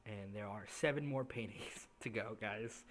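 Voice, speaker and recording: A man's voice: lowish voice, measured pace, soft background music. A man narrating as game master in a casual, filler-heavy way, laughing at his own slips. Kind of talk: narrating a tabletop game over voice chat.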